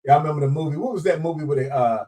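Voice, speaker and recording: A man's voice: on the high side, racing. A man hosting a live show, chatting casually and playfully with viewers, greeting them by name and laughing often. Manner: animated, laughing, playful Southern Black vernacular. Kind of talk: casual live-stream chat. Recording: voice somewhat distant from mic.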